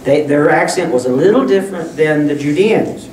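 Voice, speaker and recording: A man's voice: fairly high pitch, expressive, normal speed, a little mellow, a little hiss or hum. A man preaching a sermon as pastor, talking in a folksy, conversational way with frequent restarts. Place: church sanctuary. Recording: echoey room, distant mic.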